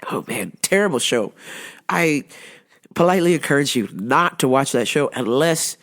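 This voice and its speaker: A woman vlogger telling stories in a casual monologue, animated and often laughing, with exaggerated retellings. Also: very deep voice, normal speed.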